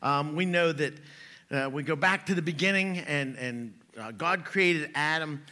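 A man's voice: a little high, unhurried, bright, forceful tone. A middle-aged man preaching a sermon, chatty and joking, laughing at his own jokes before turning to scripture. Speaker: pastor.

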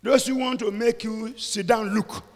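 High-voiced fiery preacher, man. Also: steady tone, measured pace. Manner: shouts prayers then drops to quiet speech. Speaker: pastor. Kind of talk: fiery sermon and prayer. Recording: long hall reverb.

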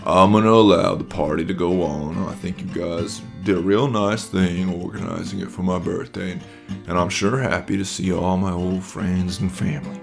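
A man voicing King Kookaroo, a kindly, modest bear king, speaking in a gentle, folksy manner. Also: low voice, fairly even intonation, normal speed, vocal fry, music in the background. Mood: thoughtful.

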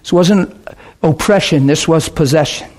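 A man preaching, telling a lively testimony story with laughter and a short sung passage. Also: on the high side, moderate pace. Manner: animated storytelling, bursts of laughter, sings a hymn line. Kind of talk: testimony sermon.

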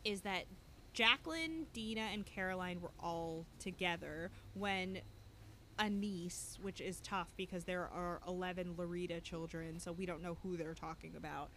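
A woman's voice: on the low side, normal speed, sharp tone, a little hiss or hum. A woman co-hosting a podcast, talking in blunt, opinionated bursts of emphasis as she recaps a reality show. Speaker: podcast co-host.

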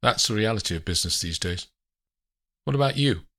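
A man's voice: on the low side, expressive, a little fast, a bit bright, pitched above the performer's own voice. A man voicing a terse, guarded businessman. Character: guarded businessman, evasive and curt. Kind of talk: audiobook character voice.

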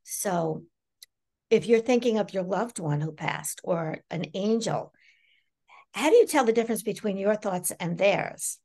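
Guesting on a casual podcast, a middle-aged psychic medium speaks in a mid-range voice at a slightly slow pace. She laughs a lot and stays animated, performing the voices of people she quotes.

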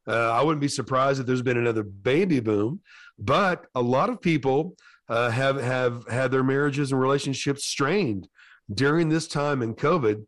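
A man's voice: medium pitch, moderate pace, no room sound. Chatty male talk show host, dry sound. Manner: chatty, many fillers and interjections. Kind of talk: interviewing a guest.

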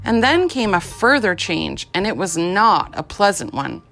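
Woman, children's audiobook narrator, expressive, lively, mid pitch, faint background music. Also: unhurried, creaky. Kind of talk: children's storybook reading.

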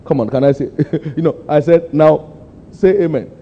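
Older pastor, call-and-response sermon, mellow tone, lo-fi recording. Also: male voice, moderate pace, breathy edge. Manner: call-and-response preaching, rising to high emphatic peaks.

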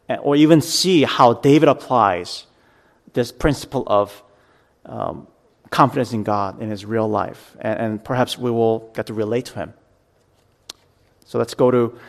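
Male pastor, unhurried sermon delivery, earnest and plainspoken. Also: medium pitch, creaky. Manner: slow, earnest preaching with dramatic scripture reading.

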